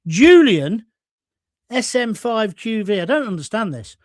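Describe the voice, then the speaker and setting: A middle-aged English man hosts a casual live stream, reading viewer comments aloud and answering them bluntly. He swears freely and speaks in a fairly high voice, recorded close on a dry mic. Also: very animated, unhurried, no echo.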